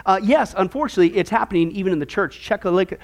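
A man's voice: high voice, rapid-fire, vocal fry. A man preaching a sermon-style Bible lesson, emphatic and sarcastic, full of rhetorical questions.

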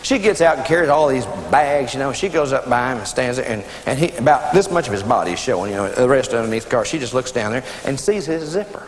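A man preaching a sermon, telling a folksy joke story in an animated way to a congregation. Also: medium pitch, fast, few pauses. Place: church hall with congregation. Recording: echoey hall, loud audience and noise.

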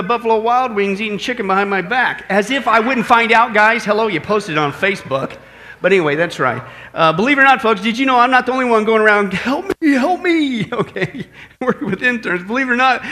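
A male pastor preaching a sermon in a church, joking and telling stories as he goes. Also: high voice. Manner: joking, lively storytelling preacher.

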